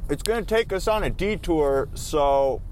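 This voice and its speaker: A man's voice: on the high side, animated, measured pace, darkish tone, slight background noise. A man hosting his own podcast as a casual, rambling vlog, cursing and complaining while driving and shopping. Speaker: podcast host. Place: car and store, on the go.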